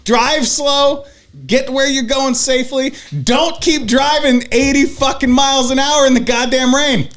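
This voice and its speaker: A man co-hosting a casual podcast, ranting loudly and profanely and laughing often. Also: very high-pitched, fairly even intonation, unhurried. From Portland area, US. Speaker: podcast co-host.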